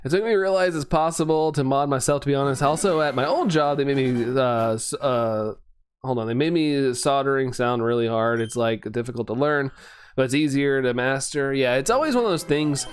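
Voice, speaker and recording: A man's voice: mid-range voice, fairly quick. Rambling, playful man streamer. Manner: rambling, playful, stumbles over words and laughs at himself. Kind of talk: casual live-stream chat.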